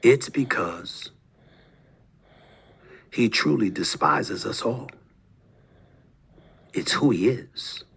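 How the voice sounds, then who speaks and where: A man in his fifties delivering a heated, combative monologue as a sports talk host, taunting with rhetorical questions and swinging between low muttering and loud outbursts. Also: animated, extremely slow, creaky, long pauses, breathy edge. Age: 50s.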